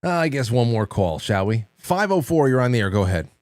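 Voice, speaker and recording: A man's voice: mid-range voice, big pitch swings, darkish tone, no echo. A man in his forties hosts a call-in show, telling meandering stories full of restarts and chuckles. His voice sits in a middle register. The sound is close and dry. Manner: rambling storyteller, breaks into laughter, quick repeated restarts. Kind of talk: casual late-night call-in chat.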